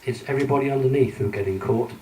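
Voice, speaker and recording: A British man speaks to a conference audience in a large hall, earnest and warning, stumbling through fillers and restarts. His voice is mellow and dark, heard from a distance. The room is echoey, with a faint hiss behind him. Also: medium pitch, rapid-fire. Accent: British English. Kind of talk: conference talk with slides.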